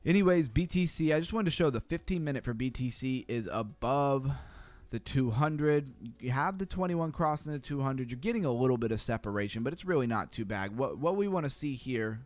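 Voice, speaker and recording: A man hosting a crypto livestream, talking fast and chatty as he walks through charts and greets viewers. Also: medium pitch, expressive, darkish tone, dry recording. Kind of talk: casual livestream chart analysis.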